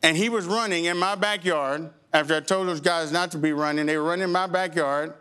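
A male pastor preaches with humorous storytelling and an animated, conversational delivery. His voice sits high for a man and rings bright. He moves easily between anecdote and fervent preaching. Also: brisk, smooth.

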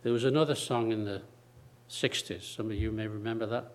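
A man preaching a sermon slowly and deliberately, repeating phrases and pausing for emphasis. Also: lowish voice, fairly even intonation.

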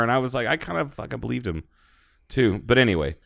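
A man's voice: medium pitch, sing-song, fast, vocal fry, fairly bright tone, dry recording, studio quality. A man on a podcast chatting casually, blunt and swearing freely as he jokes. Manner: profane, blunt, joking. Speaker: podcast co-host. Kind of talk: casual chat.

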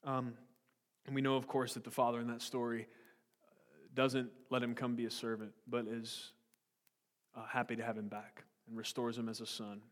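A man's voice: medium pitch, little pitch movement, normal speed, pauses often. A man preaching a sermon in a church, blunt and confrontational with joking asides. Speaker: pastor. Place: church sanctuary. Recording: long echo of a large hall.

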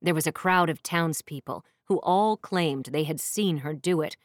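A woman reading a first-person fantasy audiobook in a measured, descriptive way. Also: sits low, no echo, clean studio sound. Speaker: audiobook narrator. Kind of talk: scripted first-person narration.

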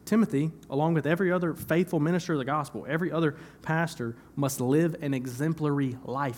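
A man's voice: fairly high pitch, steady tone, quick pace, hardly any pauses, a little mellow. A young man preaching a sermon in church, talking conversationally, repeating phrases for emphasis and laughing at himself now and then. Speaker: pastor.

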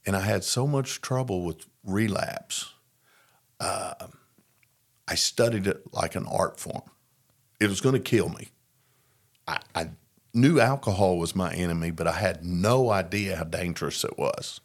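A middle-aged man with a low, gravelly voice tells his recovery story at an unhurried pace. He speaks plainly and reflectively, pausing on fillers as he works his way through. It sounds like an interview testimony.

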